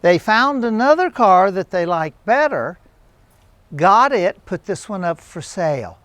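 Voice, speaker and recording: Folksy older tour guide with a Southeastern Ohio accent, lively high voice, dry sound. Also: male voice, a little slow, no room sound. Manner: folksy, animated storyteller. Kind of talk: anecdotal storytelling on a tour.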